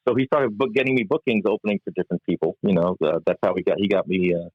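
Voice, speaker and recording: A man's voice: low-pitched, steady tone, fast talker, no room sound. An older man, a comedian and musician, telling stories from his career in an interview and acting out the voices of people he quotes. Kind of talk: storytelling in an interview. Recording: dry, slightly muffled remote audio.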